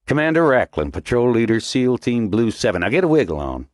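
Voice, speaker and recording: A man's voice: medium pitch, very animated, a little fast, no echo, clean studio sound, voice pushed up, close to an everyday voice. A man voicing a hulking, brusque male Navy SEAL commander with a Texas accent, in an audiobook. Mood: commanding. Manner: brusque, barking, crude.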